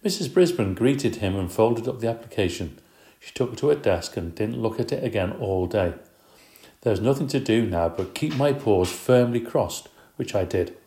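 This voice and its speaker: A man narrates a children's storybook, lively and expressive in his delivery. His voice sits somewhat low. The reading echoes in a roomy space. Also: moderate pace.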